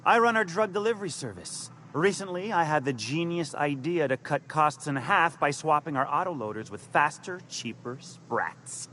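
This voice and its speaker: A man voicing a fast-talking male con man in a video game, who uses folksy slang and stammers when he is caught out. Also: on the high side, lively intonation, bright, forceful tone, slight background noise. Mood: scheming. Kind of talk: video game character dialogue. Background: faint game music.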